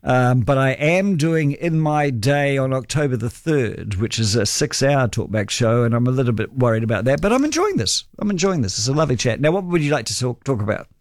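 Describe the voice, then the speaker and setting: Chatty New talkback host. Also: male voice, medium pitch, a little fast, hardly any pauses, no room sound, clean studio sound. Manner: chatty, tells stories, encouraging. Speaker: fill-in talkback radio host. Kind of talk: late-night talkback radio chat.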